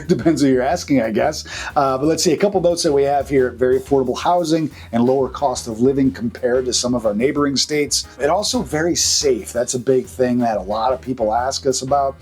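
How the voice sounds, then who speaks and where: A man's voice: mid-range voice, a little mellow. A man hosting a casual vlog as a real estate agent, chatty and joking as he reads out questions and answers off the cuff. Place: Maine.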